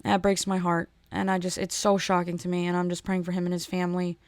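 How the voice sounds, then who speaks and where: A woman's voice: on the low side, completely flat delivery, fast talker, no room sound. Rambling, heartfelt woman podcaster. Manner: rambling, heartfelt, with many restarts. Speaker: podcast host. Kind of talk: casual solo podcast chat. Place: home podcasting corner.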